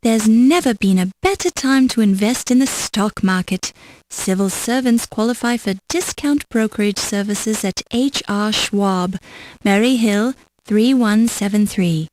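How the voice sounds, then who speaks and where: A woman's voice: mid-range voice, measured pace, darkish tone, slight background noise, lightly acted, rough recording. A woman narrating an adventure game with dry, wry scripted remarks.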